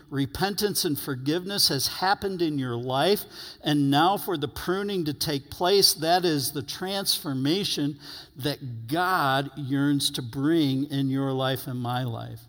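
A man preaching a sermon as pastor, earnest, stretching key words and letting phrases fall to quiet endings. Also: a little high, slow pace. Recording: long hall reverb.

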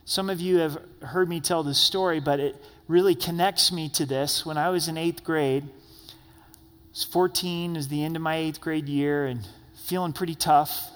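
A man's voice: on the high side, fairly even intonation, unhurried, big-room sound. A man preaching a sermon as pastor, telling stories and acting out the voices of the people he quotes. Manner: storytelling, acts out quoted voices. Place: church sanctuary.

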